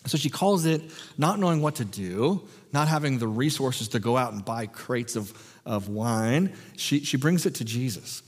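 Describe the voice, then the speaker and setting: An American man preaches in a relaxed, conversational way, cracking small jokes and restarting phrases as he goes. His pitch sits in a middle range for a man. The sermon echoes with a long reverb through a church sanctuary. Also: normal speed, slightly rough. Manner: conversational, jokey, frequent restarts. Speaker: pastor.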